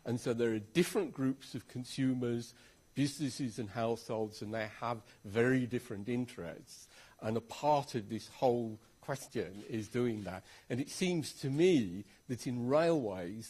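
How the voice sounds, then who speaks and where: A man at mid pitch makes a comment on a conference panel. He is measured and explanatory and sets out his point through rhetorical questions. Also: a little mellow, husky. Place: conference hall.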